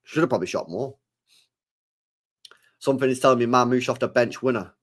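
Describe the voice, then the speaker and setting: Young guy, livestream host, mid-pitched, slangy, repeats himself, calls everyone mate. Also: fairly quick. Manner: slangy, repeats phrases, animated, tags lines with mate and bro. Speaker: football channel host. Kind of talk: casual livestream chat reading super chats.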